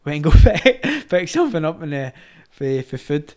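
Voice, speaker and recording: A man's voice: a little high, sing-song, moderate pace, darkish tone. A Scottish man with a Glaswegian accent, a retired boxer telling stories with lots of swearing, acting out the voices and laughing often. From Scotland. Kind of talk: casual storytelling with heavy swearing.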